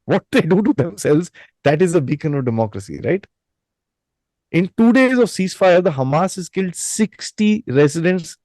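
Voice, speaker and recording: Guy on a talk show, emphatic, mellow tone, dry sound. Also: high voice, expressive, normal speed, no room sound, poor audio. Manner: emphatic, rhetorical questions. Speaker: guest. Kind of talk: opinionated talk.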